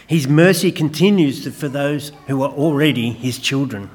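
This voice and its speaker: A man preaching a sermon, gentle and conversational with light humor, praying in a soft, hushed way. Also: on the high side, normal speed, slightly rough. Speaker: pastor.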